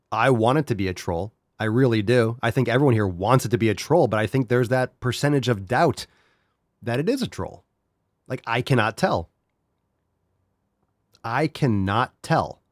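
A man's voice: medium pitch, no room sound. Exasperated man hosting a podcast, dry sound. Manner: exasperated, swears freely, talks straight to his audience. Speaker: podcast host. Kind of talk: casual profane commentary.

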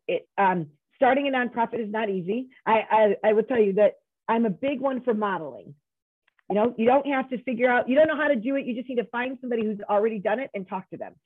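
A woman's voice: a little high, husky, no room sound. Emphatic middle-aged woman on a phone line. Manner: emphatic, storytelling, frequent restarts. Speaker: nonprofit founder, guest. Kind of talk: interview conversation. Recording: tinny dry phone line.

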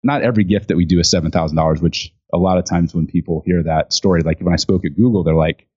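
A man telling a story in an interview, animated and chatty, acting out other people's lines with lots of fillers. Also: sits low, quick pace. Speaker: guest, speaker and author on gifting. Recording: dull lo-fi sound.

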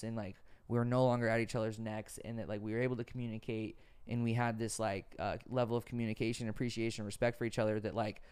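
A man's voice: mid-range voice, a little mellow, clean tone. A young man hosting a casual podcast, telling earnest stories peppered with swearing. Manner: earnest, profane storytelling. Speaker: podcast host.

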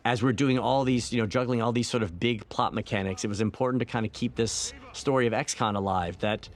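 A man, a film director, talking through his movie in a relaxed, reflective audio commentary, with many fillers and restarts. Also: mid-range voice, fairly quick. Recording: faint film soundtrack music underneath.

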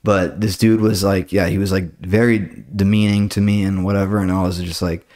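A laid-back young man with a fairly low voice tells work stories on a casual podcast. He swears freely and drops into quick voices for the people he argues with. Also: level tone, darkish tone. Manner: laid-back, swears a lot, retells arguments in quoted voices. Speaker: podcast host and comedy club door staff. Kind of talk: casual chat.

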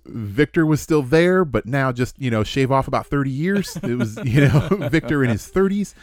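A man's voice: mid-range voice, moderate pace. A man co-hosting a tabletop gaming podcast, chatting casually and poking fun at himself with laughs. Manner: animated, self-mocking, laughing. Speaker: podcast co-host. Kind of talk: casual chat.

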